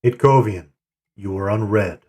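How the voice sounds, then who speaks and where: A man on voice chat leading a game raid, calmly explaining a plan and handing out tasks. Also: on the low side, measured pace. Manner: calm, methodical, assigns tasks. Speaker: raid leader and streamer. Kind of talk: voice chat while gaming.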